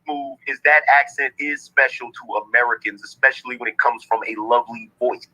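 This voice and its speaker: A man's voice: medium pitch, steady tone, moderate pace, sharp tone, poor audio. A man in a casual discussion, speaking bluntly and with profanity, often checking "you feel me?". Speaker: guest on a discussion show.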